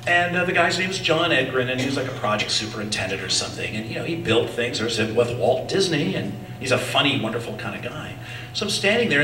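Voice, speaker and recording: A man telling animated stories at a convention, acting out voices and whispering asides. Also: medium pitch. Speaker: convention speaker. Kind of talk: animated storytelling. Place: convention hall. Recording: echoey hall, far from mic, faint noise.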